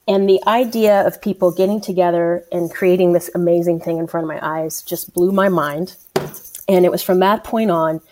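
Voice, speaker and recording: A woman's voice: fairly low pitch, dark tone. A woman from Indiana, a guest on a podcast, telling her story with enthusiasm. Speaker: studio communications executive, guest. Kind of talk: casual interview.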